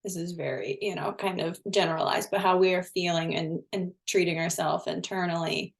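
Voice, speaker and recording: Gravelly-voiced woman podcast co-host. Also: fairly low pitch, steady tone, moderate pace. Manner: thoughtful, circles back on her words. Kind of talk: podcast conversation.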